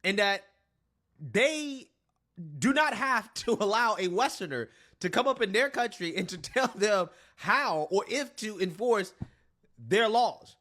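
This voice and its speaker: A man's voice: sits high, lively intonation, unhurried, pushed and bright. A man hosting a reaction commentary, blunt and swearing freely, laughing between phrases. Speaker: commentary channel host.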